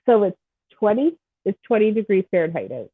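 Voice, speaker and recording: Stuffed-up woman with a husky voice. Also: medium pitch, very animated, brisk, dry recording. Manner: chatty, rambling, teasing. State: stuffed-up nose. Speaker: podcast host. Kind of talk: casual chat. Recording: tinny phone-like line.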